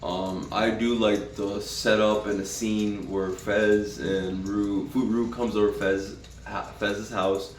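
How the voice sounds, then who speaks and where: A man's voice: on the low side, flat delivery, slow, hardly any pauses, slight background noise. A man giving a casual, profane, rambling spoken review of a TV episode, with frequent restarts. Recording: roomy, from a distance.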